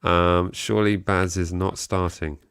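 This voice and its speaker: A deep, gravelly English man co-hosts a football fan live stream. He jokes easily and reads out viewer comments. The sound is close and dry. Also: flat delivery, unhurried, fairly bright tone, dry recording. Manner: jokey, reads chat aloud, chuckles and trails off. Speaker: co-host of a football fan show. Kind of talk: casual live-stream chat.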